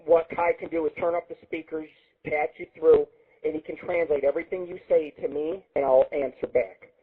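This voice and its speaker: A man hosting an internet radio show, telling crude rambling stories in a profane, excitable monologue. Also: on the high side, normal speed. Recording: husky lo-fi phone-line sound.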